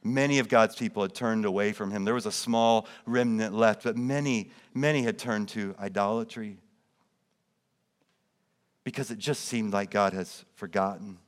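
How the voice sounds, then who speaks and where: A man preaching a sermon, reading scripture aloud and explaining it, rising in emphasis and then dropping quiet. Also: normal speed, clear, resonant tone. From United States. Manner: drops soft and low when quoting quiet words. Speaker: pastor.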